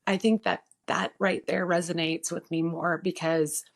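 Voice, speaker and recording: A woman guest on a podcast who speaks earnestly and reflectively, often pausing with "um" as she gathers her thoughts. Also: on the low side, fairly even intonation. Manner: earnest, reflective, pauses with frequent "um". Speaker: guest, insurance agency owner. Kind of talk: casual podcast conversation.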